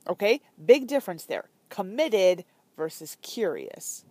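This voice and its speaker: A woman's voice: mid-range voice, very animated, unhurried, warm tone, breathy edge, no room sound. A woman talking as a fitness business coach in a casual, chatty way, full of fillers and emphatic asides.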